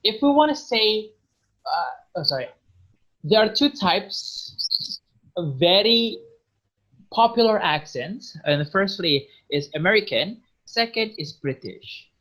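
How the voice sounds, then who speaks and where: A man's voice: high voice, very animated, pushed and bright, poor audio. Indonesian-accented man teaching English online. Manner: encouraging, patient, repeats words slowly to model pronunciation. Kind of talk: online vocabulary lesson.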